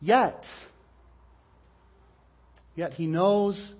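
A man's voice: high voice, very slow, a little mellow, slightly rough. A man preaching a sermon from the pulpit in a church, explaining earnestly and asking rhetorical questions into a pulpit microphone. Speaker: pastor. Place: church hall.

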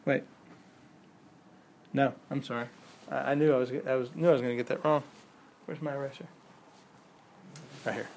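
A man's voice: mid-range voice, steady tone, normal speed, long pauses, darkish tone, a little hiss or hum. A man teaching a Bible class, explaining patiently, repeating key points and quizzing his students, with the odd chuckle at his own examples. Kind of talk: classroom lecture.

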